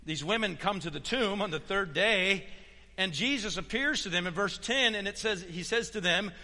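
A man preaching a sermon as pastor, emphatic, swinging between loud declarations and hushed stretches. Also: high-pitched, animated, normal speed, in a large hall.

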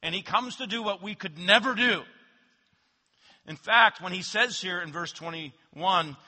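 Man, pastor preaching a sermon, high voice, husky edge, long hall reverb, loud proclamations dropping to hushed asides. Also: lively intonation, normal speed. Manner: swings from loud emphatic declarations to hushed low asides.

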